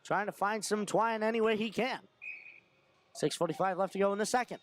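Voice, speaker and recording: A young man giving fast running play-by-play of a hockey game, shouting when shots and goals come. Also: high voice, slight background noise. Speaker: play-by-play commentator. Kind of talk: amateur hockey play-by-play commentary.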